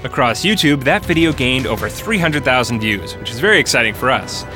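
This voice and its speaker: Young male co-host, bouncy lively delivery, clowning, music playing behind. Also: mid-range voice, fairly quick. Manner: goofy, clowning. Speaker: podcast co-host. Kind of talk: comedic podcast banter.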